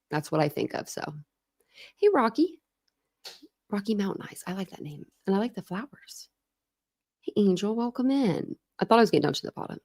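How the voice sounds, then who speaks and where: A woman in her thirties hosting a true crime livestream, chatting casually, laughing and greeting viewers by name. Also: fairly low pitch.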